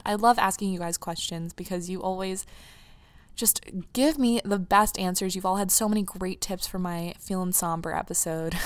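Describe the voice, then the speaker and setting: A woman's voice: fairly low pitch, no echo. Gushing, teary young woman podcaster. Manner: gushing, emotional, rambling with restarts. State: near tears. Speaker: podcast host. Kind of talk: casual solo podcast chat.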